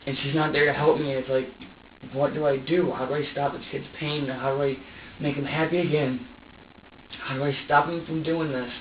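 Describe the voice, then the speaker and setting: A man's voice: fairly high pitch, level tone, brisk, a little hiss or hum. A man who is a suspect in a police interrogation room, giving an emotional confession. He talks in an agitated way, swears a lot, and stops and restarts often. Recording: echoey, distant, dull room recording.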